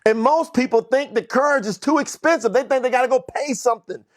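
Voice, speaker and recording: A man's voice: very high-pitched, brisk. A man giving a motivational coaching talk on confidence, preachy and repetitive, building to emphatic peaks.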